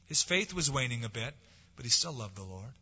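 A man preaching a sermon, swinging from forceful, dramatic lines to soft, hushed ones. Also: mid-range voice, very animated, a little fast, breathy edge. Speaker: pastor. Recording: dull lo-fi sound with long hall reverb.

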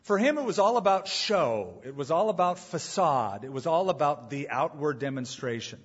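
A man's voice: fairly high pitch, lively intonation, moderate pace, husky. A man preaching a sermon as pastor, emphatic, repeating his main points and asking rhetorical questions, on a dull lo-fi recording.

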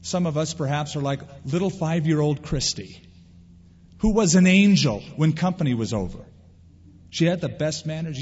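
A male pastor preaching a sermon in an animated way, acting out quoted voices. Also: on the high side, moderate pace, pauses often, breathy edge. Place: church sanctuary. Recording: dull lo-fi sound with long hall reverb.

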